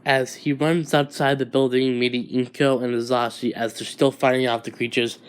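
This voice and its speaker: A man's voice: mid-range voice, flat delivery, normal speed, clean tone. A man improvising a fan-fiction story, rambling with many restarts.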